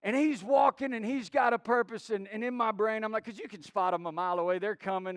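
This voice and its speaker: Man preaching, high voice, dry close sound, middle-aged, storytelling with restarts. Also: fairly even intonation, quick pace, fairly bright tone, dry recording. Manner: storytelling with many restarts and acted quotes. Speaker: pastor. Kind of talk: sermon.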